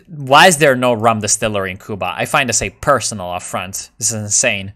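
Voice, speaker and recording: A man giving casual, joking commentary while playing a strategy game. He rambles excitedly and swears often. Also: lowish voice, brisk. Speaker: video game player.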